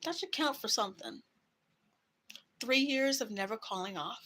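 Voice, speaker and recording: A woman's voice: fairly high pitch, lively intonation, moderate pace, a bit bright. A woman vlogger ranting to camera in a heated, profane way about her work. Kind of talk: angry personal rant to camera.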